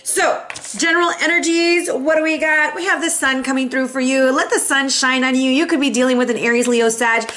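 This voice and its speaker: Chatty woman tarot reader, high bright voice, playful and casual. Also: steady tone, brisk. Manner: chatty, playful, gives shout-outs. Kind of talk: casual tarot reading to camera.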